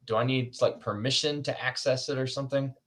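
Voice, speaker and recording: A man's voice: mid-range voice, fairly even intonation, brisk, fairly bright tone. A man hosting a casual live-stream chat, rambling and self-conscious, laughing often and restarting his sentences. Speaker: host.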